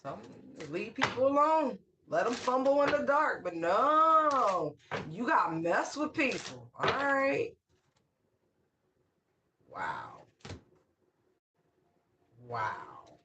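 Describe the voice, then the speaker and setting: A tarot reader talking casually to viewers, excitable and laughing often, stretching out exclamations. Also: medium pitch, drawn-out words, long pauses, noisy background.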